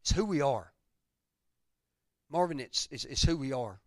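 A man preaching a conversational sermon, telling stories, then rising loud and dropping to near whispers. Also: medium pitch, expressive, unhurried, no room sound, clean studio sound. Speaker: pastor.

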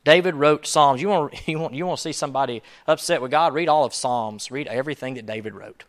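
A man preaching a sermon in a conversational, emphatic way, swinging from soft asides to loud urgency. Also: mid-range voice, fast. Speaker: pastor.

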